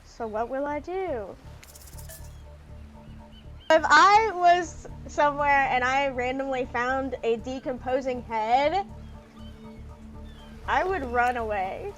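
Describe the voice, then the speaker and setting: A woman's voice: sits high, takes it slowly, pauses often, fairly bright tone, soft background music, low-quality recording. A woman streaming a dating sim, chatting playfully and reading the story text aloud with a lot of giggling. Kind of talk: casual gaming commentary, reading game text aloud.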